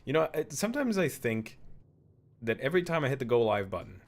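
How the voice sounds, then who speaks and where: A man's voice: mid-range voice, big pitch swings, fairly quick. A man in his twenties chatting casually and self-deprecatingly while streaming a game live, often stumbling over his words. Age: 20s. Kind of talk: casual live gameplay commentary.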